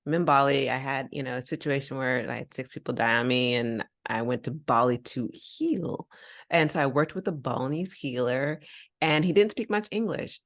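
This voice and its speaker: A woman from the United States hosting a podcast, telling a personal story in casual chat and acting out the voices of people in it. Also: rumbling low. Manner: animated, acts out voices in her stories. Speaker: podcast host.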